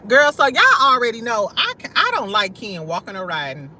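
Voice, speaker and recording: A young woman from St. Louis hosting a casual livestream, talking loud and slangy, swearing freely and laughing often as she answers her chat. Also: mid-range voice, big pitch swings, a little slow, a little hiss or hum. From St. Louis, USA. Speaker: livestream host.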